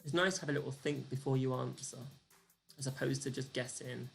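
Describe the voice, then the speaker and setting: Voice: mid-range voice, steady tone, fairly quick, gravelly, faint music behind. A live-streamed quiz host, chatty and self-deprecating, counting down the clock and reading out the answers and the leaderboard.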